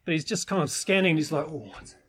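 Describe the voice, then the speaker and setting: A man's voice: on the high side, steady tone, rapid-fire, a bit bright, slight background noise. A man teaching permaculture in an enthusiastic, rambling way, with many restarts. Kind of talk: informal teaching talk.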